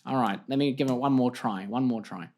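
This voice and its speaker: A man's voice: mid-range voice, a little fast, a little mellow. A man hosting a casual solo podcast, rambling and self-deprecating, talking into a desk mic at home. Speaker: podcast host. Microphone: desk mic, wearing headphones.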